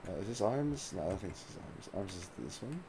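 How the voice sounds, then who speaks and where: A man's voice: sits low, lively intonation, fast talker, noisy background. A man streaming a video game live, chatting casually and swearing freely as he plays. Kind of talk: casual live gameplay commentary.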